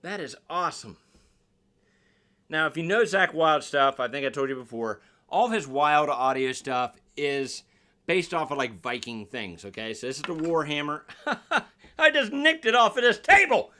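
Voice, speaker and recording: A man's voice: mid-range voice, lively intonation, normal speed, pushed and bright. A man reviewing a guitar in a casual unboxing vlog, rambling and joking at his own expense. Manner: rambling, self-deprecating, jokey.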